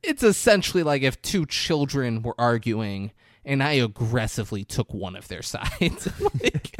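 An animated man chatting casually as a podcast co-host, retelling scenes with quick shifts into shouted high-pitched character voices and frequent laughter. His voice sits at an ordinary middle pitch. It is recorded close and dry, with no room sound. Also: no room sound. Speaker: podcast co-host recapping a film. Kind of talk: casual chat.

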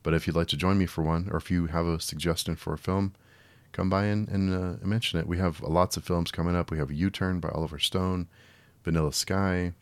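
Male podcast host, very low voice, casual exasperated film talk. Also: steady tone, brisk, hardly any pauses, no echo. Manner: conversational, frequent restarts, exasperated. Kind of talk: solo film review podcast.

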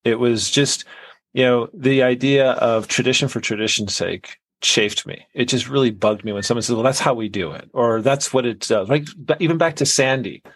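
A man's voice: medium pitch, normal speed, a bit bright. A man speaking as an interview guest, thoughtfully reflecting on his working life and tagging points with "right?". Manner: thoughtful, uses "right?" as a tag. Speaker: interview guest, business leader. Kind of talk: reflective storytelling.

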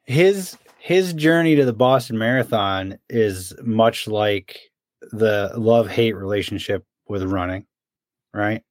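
A young adult man co-hosting a casual podcast chat, telling stories with animated voices for his friend. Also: fairly low pitch, takes it slowly, no echo, studio quality. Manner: animated storyteller, mimics his friend's complaints. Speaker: podcast co-host.

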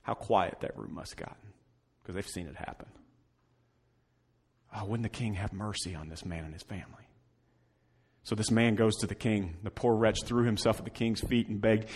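A man pastor delivering a sermon, telling a story with dramatic swings between loud, pressing lines and hushed, quiet ones. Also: fairly low pitch, steady tone, normal speed, husky.

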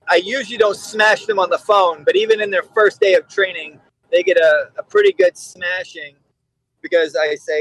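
High-voiced, animated male dog trainer. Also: normal speed, no room sound, poor audio. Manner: animated, acts out quoted voices and swears for emphasis. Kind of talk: casual conversation.

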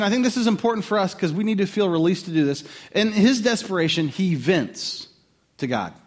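A man preaching a sermon in a conversational, animated way, with quick asides to the listeners. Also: sits high. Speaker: pastor.

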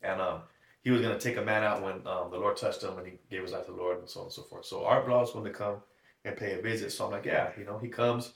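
A man's voice: on the low side, fairly even intonation, fast talker, vocal fry. A man giving a tearful, shaky personal testimony, acting out the dialogue in his story. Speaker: guest. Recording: echoey room, mic at a distance.

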